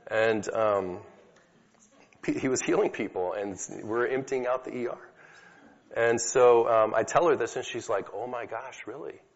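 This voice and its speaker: A man's voice: mid-range voice, unhurried. A man giving a conversational teaching talk to an audience, telling stories casually with fillers. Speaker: speaker teaching about healing prayer. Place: hall with a live audience. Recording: dull lo-fi recording in an echoey hall.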